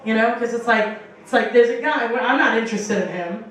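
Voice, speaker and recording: A woman's voice: a little high, fairly quick, a little hiss or hum. A young woman doing a stand-up comedy set on a small bar stage, rambling and profane with lots of fillers, acting out other people's lines. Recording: echoey bar room from a distance.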